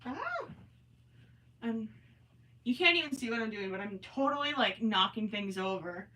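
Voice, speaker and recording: A woman's voice: on the high side, lively intonation, normal speed, pushed and bright. A woman with a Minnesotan accent hosting a casual livestream from home, chatting with viewers, reading their comments and often apologizing with a self-deprecating tone. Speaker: livestream host. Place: home, indoors.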